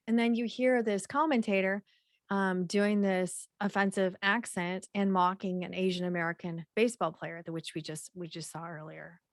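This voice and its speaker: A woman's voice: mid-range voice, dry recording. Woman presenting a workshop, dry sound. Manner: conversational, frequent fillers and throat clearing.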